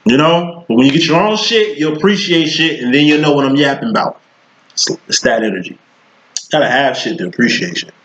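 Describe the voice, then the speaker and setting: A man's voice: fairly high pitch, expressive, fairly quick, fairly bright tone, muffled recording, slight background noise. A man giving a casual tarot reading, talking in a profane, slangy, rambling way. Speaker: tarot reader.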